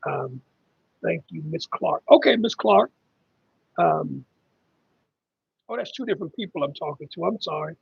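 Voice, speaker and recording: A man's voice: fairly high pitch, animated, unhurried, creaky, pauses often, slightly rough, no room sound, highs cut off. A middle-aged man hosting a casual livestream about caregiving, rambling and conversational with lots of ums as he reads viewer comments.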